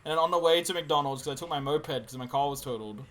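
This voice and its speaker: Fast-talking excitable young man. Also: fairly high pitch. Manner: excitable storyteller, swears freely, acts out quotes loudly. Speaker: podcast co-host. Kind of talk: casual chat recounting a role-play game.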